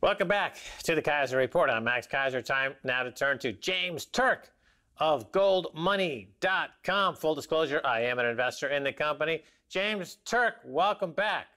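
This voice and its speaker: A male host riffs on markets in a wry, joking way, laughing at his own punchlines. His voice sits somewhat high for a man. The delivery is loose and conversational. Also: animated, moderate pace, bright, forceful tone. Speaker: show host. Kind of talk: casual financial talk show banter.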